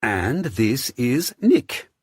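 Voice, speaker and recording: A flamboyant, gushing man who owns the room, as a male audiobook narrator puts him on. His voice leaps high and swoops wildly, with a slightly husky edge. It sounds dry and close, with no room around it. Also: sing-song, very slow, dry recording, heavily acted. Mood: playful. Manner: gushing, sing-song and theatrical. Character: flamboyant effusive male yacht host. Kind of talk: audiobook character voice.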